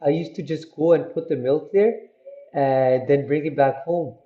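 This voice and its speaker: A man's voice: on the high side, fairly even intonation, a little slow, muffled recording, lightly acted. A man voicing a humble father amazed by his son's devotion, in a roomy recording.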